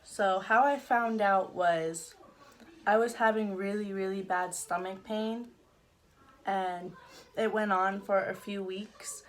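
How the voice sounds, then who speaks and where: A woman's voice: mid-range voice, fairly even intonation, takes it slowly, slight background noise. A young woman vlogging, telling a personal story casually, with frequent fillers and the odd laugh. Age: young adult. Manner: chatty, laughs now and then, many fillers.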